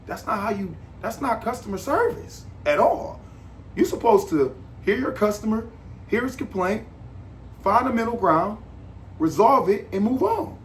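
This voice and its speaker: A man's voice: high-pitched, expressive, unhurried, slight background noise. A man hosting a podcast, delivering a casual monologue in an emphatic, repetitive, rambling way. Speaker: podcast host.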